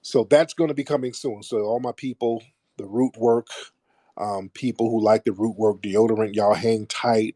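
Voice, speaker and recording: With a lowish, warm voice and no room sound, a middle-aged radio host talks straight to his audience in an offhand monologue. He's blunt and foul-mouthed, and he ridicules people by imitating them in fake voices.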